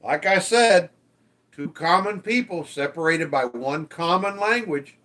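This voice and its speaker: A man's voice: fairly high pitch, expressive, unhurried, pushed and bright. A man hosting a casual livestream, reading viewer comments aloud and teasing them, swearing freely. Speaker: livestream host.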